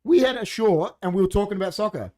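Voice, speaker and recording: An Australian man co-hosting a podcast in casual chat, telling animated stories and acting out the voices of the people in them. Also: high voice, quick pace, crowd noise. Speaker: podcast co-host. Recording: podcast studio.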